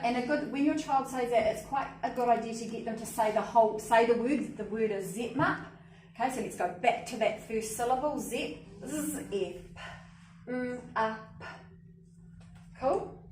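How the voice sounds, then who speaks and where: A woman's voice: a little high, a little mellow. Upbeat woman teaching in echoey room. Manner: upbeat, checks in often with "okay?" and "cool?". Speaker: literacy teacher trainer. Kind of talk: hands-on teaching workshop. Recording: echoey room, mic at a distance, faint noise.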